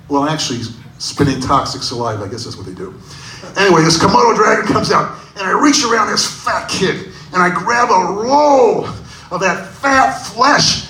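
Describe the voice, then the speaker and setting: High, lively older man telling a comedy story. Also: moderate pace. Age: 60s. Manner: animated storytelling with loud shouted bursts. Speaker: stand-up comedian. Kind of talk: stand-up storytelling. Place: bar stage at a live comedy showcase. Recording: echoey bar room from a distance.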